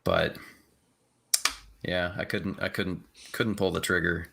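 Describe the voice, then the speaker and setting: A man's voice: deep voice, big pitch swings, slow pace, vocal fry, background noise. A man co-hosting a casual live chat, making dry, wry remarks. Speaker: co-host.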